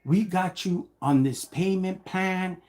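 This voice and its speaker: A woman's voice: on the low side, slow pace, mellow, pitched above the performer's own voice. A man putting on the voice of a nagging, smug female court representative, mocking her as she rattles off accusations.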